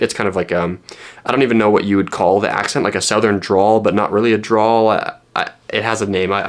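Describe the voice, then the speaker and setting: A young man from Canada casually talking through his books in a vlog, rambling with lots of ums and restarts. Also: on the low side. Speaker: book vlogger. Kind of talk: casual spoken book vlog. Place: at home in fading daylight.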